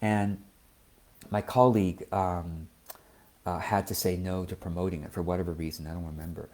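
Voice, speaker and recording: A man giving a gentle, thoughtful talk as a spiritual teacher, often checking in with the listener. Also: low voice, fairly even intonation, moderate pace. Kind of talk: reflective personal talk.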